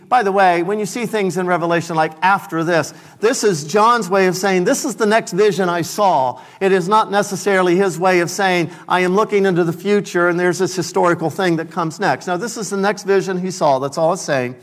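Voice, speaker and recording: A man's voice: high-pitched, normal speed, few pauses. A man preaching a sermon, explaining scripture and reading passages aloud with raised emphasis. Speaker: pastor.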